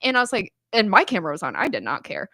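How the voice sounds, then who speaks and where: Woman, podcast guest, bright voice, dry close sound, animated chatty storytelling. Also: medium pitch, very fast, no echo. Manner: animated storytelling, frequent "like" and laughter. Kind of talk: casual chat.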